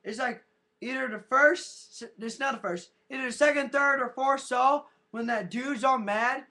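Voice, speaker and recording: Speaking a little slowly in a very high, sharp voice, a man goofs around on camera at home, rambling casually and making silly sound effects. He's a webcam vlogger using the built-in mic.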